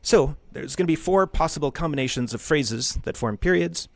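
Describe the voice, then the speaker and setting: A man's voice: fairly high pitch, animated, moderate pace, vocal fry, no echo. A man teaching music theory in a loose, conversational lecture with jokey asides. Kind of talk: casual lecture.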